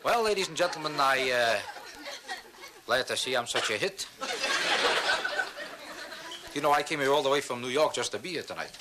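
A man doing a stand-up routine, with deadpan, mock-serious bragging to a laughing audience. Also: medium pitch, moderate pace, pauses often, a loud crowd, very noisy. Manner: deadpan boastful delivery with mock-serious asides. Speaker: stand-up comedian.

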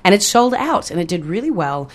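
A woman from New Zealand with a New Zealand accent, chatting playfully as a guest performer in an interview, talking fast and laughing often. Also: on the low side, sing-song. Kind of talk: casual interview chat.

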